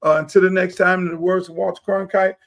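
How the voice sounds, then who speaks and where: A middle-aged man hosting a casual podcast, loud and joking, often bursting into excited shouts. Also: sits high, fast talker, vocal fry. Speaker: podcast host.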